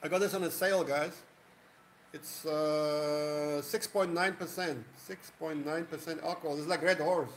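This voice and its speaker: A man's voice: fairly high pitch, steady tone, normal speed, reverberant, a little hiss or hum, rough recording. A man hosting a casual live stream, rambling and greeting viewers by name. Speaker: livestream host.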